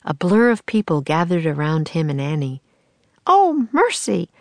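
A woman with a low, even voice reads a children's story aloud at a steady pace. The recording is dry and close, with no room sound. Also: moderate pace, no room sound. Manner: steady reading voice with character voices. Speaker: storybook narrator. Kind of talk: scripted narration of a children's book.

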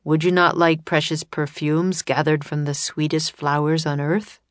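Woman reading a deep, gruff court official. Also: steady tone, a little slow, dry recording, clean studio sound. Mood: probing.

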